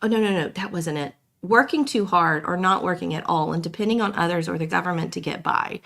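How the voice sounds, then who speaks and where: Woman co-host, low gravelly voice, hoarse and coughing, rambles. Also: brisk, fairly bright tone. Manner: rambling, many fillers and restarts. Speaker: podcast co-host. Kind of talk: casual chat.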